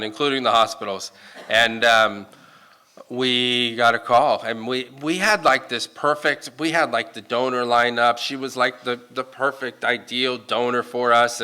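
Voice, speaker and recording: A middle-aged man telling his personal recovery story to a meeting room, halting and full of restarts, breaking into self-mocking laughs. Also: medium pitch, sharp tone, clean tone.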